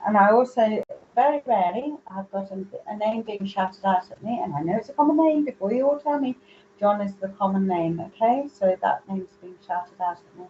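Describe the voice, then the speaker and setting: A woman's voice: medium pitch, a little fast, mellow, dull audio, a little hiss or hum. A woman, a psychic medium giving a live reading and relaying messages directly to viewers by name.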